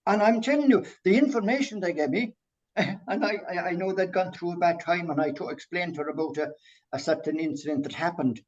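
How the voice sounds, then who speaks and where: Lively Irish-born storytelling man. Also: high-pitched, fairly quick, lo-fi sound. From Ireland. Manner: lively storyteller, laughs often. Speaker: medium sharing a story. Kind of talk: chatty anecdote.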